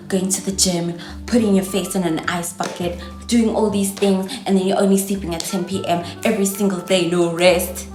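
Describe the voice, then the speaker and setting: A woman's voice: on the low side, fairly even intonation, normal speed, darkish tone, reverberant, soft background music. A South African woman in her twenties with a South African accent, giving chatty, encouraging advice to camera as a vlogger. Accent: South African English. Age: 20s. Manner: chatty, encouraging, calls viewers darling. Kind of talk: casual advice talk to camera.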